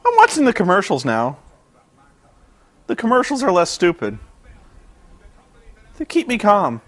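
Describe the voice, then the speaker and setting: A man's voice: sits high, wildly swooping pitch, a little slow. A young man vlogging about a wrestling show, exasperated and sarcastic, rambling with restarts. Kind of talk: casual ranting commentary.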